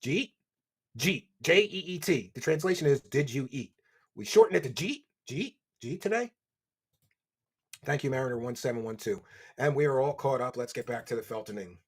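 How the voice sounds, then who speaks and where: A man with a Philadelphia accent hosting a livestream, reading donations and mocking his subject with loud bursts. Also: mid-range voice, fast, breathy edge. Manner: mocking, loud bursts, reads chat aloud. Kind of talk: casual livestream commentary. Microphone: desk microphone.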